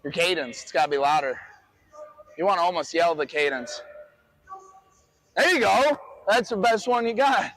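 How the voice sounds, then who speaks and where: High-voiced man coaching a quarterback. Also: animated, a little fast, a bit bright, slight background noise. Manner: encouraging, direct instructions. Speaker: football coach. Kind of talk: coaching drills on a field. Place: outdoor football field.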